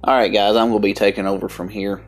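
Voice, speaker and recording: A man with a country accent preaching a Bible study sermon, earnest and deliberate, with emphatic bursts. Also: on the low side, little pitch movement. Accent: Southern US country. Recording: faint music underneath.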